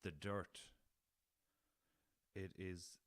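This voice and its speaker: Deep-voiced Irish man, casual podcast chat. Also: fairly even intonation, very slow, no echo. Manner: laughing at his own jokes, swears freely, rambling. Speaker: podcast host.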